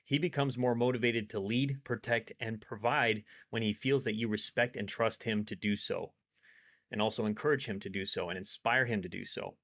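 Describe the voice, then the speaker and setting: A man giving dating advice in a calm, steady, coaching monologue. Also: fairly low pitch, normal speed. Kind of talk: instructional monologue.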